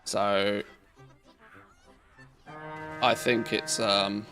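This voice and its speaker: A man's voice: on the low side, flat delivery, drawn-out words, music in the background. A man chatting loosely and joking as he streams a game, swearing now and then. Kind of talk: casual live-stream commentary.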